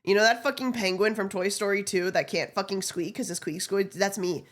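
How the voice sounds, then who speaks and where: A woman's voice: medium pitch, fairly even intonation, a little fast. A woman streamer chatting casually with a stuffy, congested nose, giggling, swearing and rambling. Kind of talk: casual live-stream chat.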